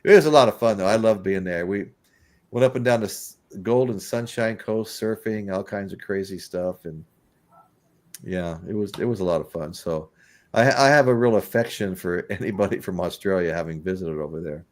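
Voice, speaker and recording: Middle-aged man in a loose, chatty live-stream talk, rambling through stories and laughing as he goes. His voice sits a bit low. He talks with an easy, offhand looseness. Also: moderate pace. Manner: rambling storyteller, laughs often. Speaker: host. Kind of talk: casual chat on a live stream.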